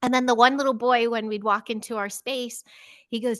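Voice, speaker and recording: Podcast guest: middle-aged woman, high-ish voice, expressive storyteller who does kids' voices, close dry sound. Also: moderate pace, no room sound. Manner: animated storyteller, acts out children's voices, laughs often. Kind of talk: casual interview chat.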